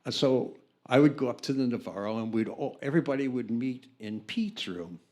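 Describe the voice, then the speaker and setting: An older American record producer telling anecdotes in an interview, acting out the people in his story with lively changes of voice. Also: medium pitch, a little fast. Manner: animated storyteller, acts out other people's lines.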